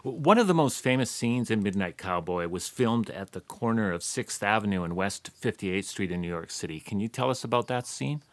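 A man's voice: on the low side, lively intonation, normal speed, hardly any pauses. A man hosting an interview, asking short questions about a classic film. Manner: brief, prompting questions.

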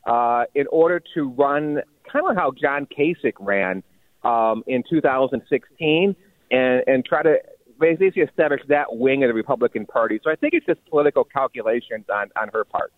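A man's voice: mid-range voice, expressive, moderate pace, no room sound. A man calling in to a radio show with casual, opinionated comments over a phone line. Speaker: radio caller. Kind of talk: call-in comment.

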